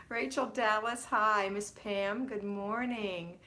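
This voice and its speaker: A woman's voice: mid-range voice, steady tone, slow pace. Woman livestream host greeting viewers. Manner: warm, affectionate greetings to viewers by name. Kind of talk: casual live-stream chat.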